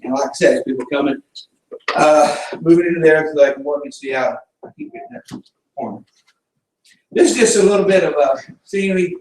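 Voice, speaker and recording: A middle-aged missionary man with a Southern accent tells folksy stories and preaches with fervor, his voice a little higher than most men's. He is heard from some distance in a roomy, echoing church sanctuary. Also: background noise. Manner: folksy storytelling, fervent preaching. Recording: echoey church room from a distance.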